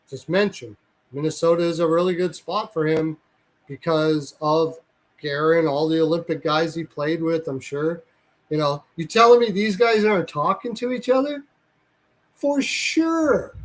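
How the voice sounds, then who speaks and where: A man's voice: fairly high pitch, a little mellow, rough recording. A man hosting a hockey talk show in casual, blunt chat, swearing freely and often correcting himself mid-sentence. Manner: blunt, profane, rambling with self-corrections. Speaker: hockey podcast host.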